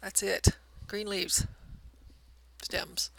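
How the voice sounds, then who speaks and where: Woman, casual show-and-tell, gravelly fry, soft near-whispers, self-deprecating. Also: mid-range voice, level tone, drawn-out words, low-quality recording. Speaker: cross stitch vlogger.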